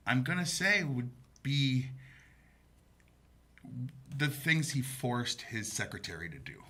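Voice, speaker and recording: A man co-hosting a community TV movie talk show, chatting casually with animated, mocking humor and frequent laughter. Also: medium pitch, slow, long pauses. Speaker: co-host of a movie review show. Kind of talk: casual chat. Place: community TV studio.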